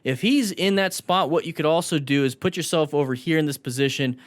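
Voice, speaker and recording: A chatty man coaching riders over crash footage, his voice sitting a touch high. The sound is dry and close, with no room around it. He talks straight to his viewers as he breaks down each clip. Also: a little fast, dry recording. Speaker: motorcycle safety instructor. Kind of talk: video commentary on crash clips.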